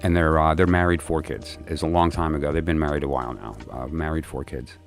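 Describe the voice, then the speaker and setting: A man's voice: rumbling low, fairly even intonation, a little fast, faint music behind. A tired man hosting a livestream, telling a story to his viewers in a chatty, rambling way with lots of fillers and restarts.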